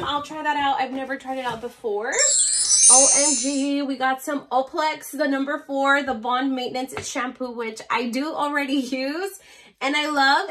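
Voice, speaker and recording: A woman's voice: high-pitched, a bit bright, a little hiss or hum. A woman with a Spanish accent, a native Spanish speaker, chatting casually and gushingly as she unboxes beauty products. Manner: bubbly, gushing, laughs often. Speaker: beauty vlogger.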